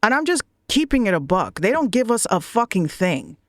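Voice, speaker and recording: A woman's voice: medium pitch, sing-song, moderate pace, no room sound, studio quality. A woman VTuber ranting bluntly, swearing often and repeating her points. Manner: blunt, profane, repeats phrases. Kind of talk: ranting monologue.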